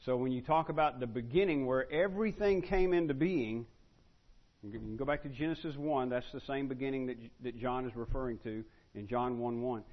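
A man preaches a teaching sermon in an easy, conversational way, with a mid-range voice. He stumbles over restarts and fillers, then slows right down to stress key words. The recording sounds a little dull and lo-fi. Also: mid-range voice.

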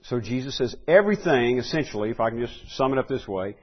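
A man at an ordinary pitch teaches a Bible lesson, pausing on fillers and restarts before pressing his point with emphatic repeated phrases. The recording sounds a little dull and lo-fi. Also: expressive, breathy edge.

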